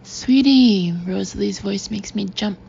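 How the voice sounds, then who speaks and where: A woman reading a novel in first person with a wry, understated touch. Her voice is mellow and gravelly, over faint noise in a dull lo-fi recording. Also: mid-range voice, flat delivery, a little slow. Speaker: audiobook narrator.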